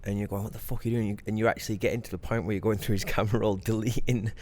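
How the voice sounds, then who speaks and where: A man's voice: lowish voice, level tone, racing, darkish tone, slight background noise. A man co-hosting a casual podcast chat, swearing freely and pushing back with questions. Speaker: podcast co-host.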